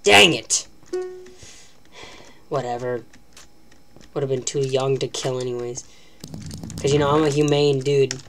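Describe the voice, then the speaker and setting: Low-voiced woman joking over gameplay. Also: measured pace, pauses often, a bit bright, soft background music. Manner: joking, self-mocking, talking to herself. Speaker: gaming channel host. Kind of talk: live gameplay commentary.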